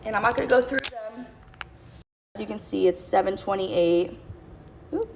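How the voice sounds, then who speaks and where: A young woman recounts a personal story in a loose, rambling vlog style. Her voice has a gravelly fry to it, and she keeps backtracking to correct herself and voicing other people's lines. A faint hiss sits under the recording. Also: medium pitch, moderate pace, darkish tone. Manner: rambling, self-correcting, acts out quoted lines.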